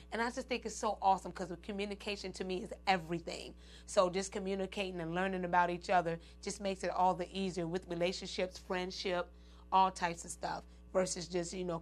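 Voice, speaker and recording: A woman hosting her own show, talking loosely and chattily straight to her audience. She calls them "y'all" and "ladies" and breaks into laughter between thoughts. Her voice sits at an ordinary middle pitch. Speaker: show host. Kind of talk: casual chat to viewers.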